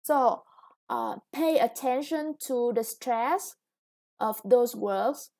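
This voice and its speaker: A woman's voice: on the high side, warm tone. A woman with a Vietnamese accent teaching an English lesson, explaining patiently and drawing out new words as she goes. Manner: patient, explains slowly, stretches new words, self-corrects. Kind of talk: recorded classroom lesson for students.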